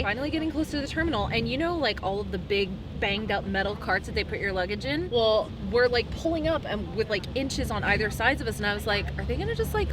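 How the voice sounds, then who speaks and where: A young woman vlog host telling a travel story in a casual, animated way, swearing and acting out the voices of others. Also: mid-range voice.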